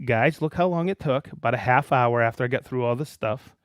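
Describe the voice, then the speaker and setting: A man hosting a live stream in a casual, excited way, calling out viewers by name and hometown. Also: medium pitch, fairly quick, no echo, clean studio sound. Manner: excited, animated, reading viewer shout-outs. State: worked up and dusty after a demo. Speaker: host of a live product show.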